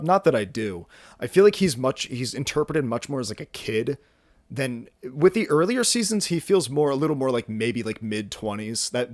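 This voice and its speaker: Slightly out of breath, a twenty-something man rambles through a casual home vlog, mocking himself and tripping over frequent fillers and restarts. He speaks in a mid-range voice. It's a dry, studio-quality recording.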